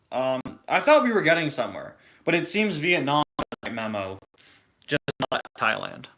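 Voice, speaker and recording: A toy review streamer chats casually during a live Q&A, rambling, hesitating and restarting his sentences. His voice is medium-pitched with a sharp tone.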